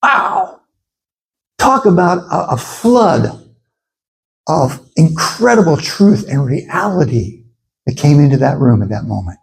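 A man preaching a sermon in an animated way, acting out the voices of his listeners as he goes. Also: a little high, takes it slowly, creaky, pauses often, low-quality recording. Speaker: pastor.

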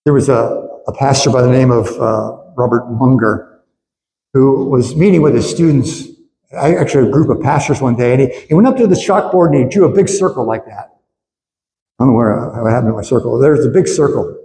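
A man's voice: medium pitch, brisk, dark tone, a little hiss or hum. Earnest male pastor preaching in an echoey hall. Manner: earnest, repeats words, rises to emphatic peaks. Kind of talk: sermon. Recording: echoey hall with faint ambience.

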